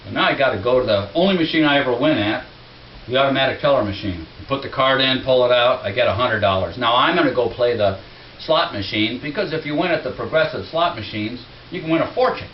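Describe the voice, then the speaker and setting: Male stand-up comic telling a story, middle pitch, dull and roomy club sound with faint hiss. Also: expressive, quick pace, far from the mic. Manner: conversational storytelling building to punchlines. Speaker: stand-up comedian. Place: comedy club stage.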